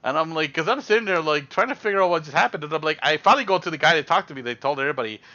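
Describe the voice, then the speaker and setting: Young male streamer, loose rambling storyteller, slightly high bright voice on a dull mic. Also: racing. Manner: rambling, animated, lots of fillers and acted-out quotes. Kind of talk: casual storytelling on a live stream.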